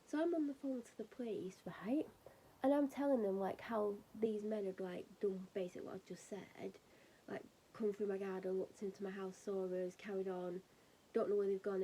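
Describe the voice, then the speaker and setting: A woman's voice: on the high side, mellow, slight background noise, low-quality recording. A woman chatting casually to camera as a vlogger, rambling through an exasperated story with lots of fillers. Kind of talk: casual chat.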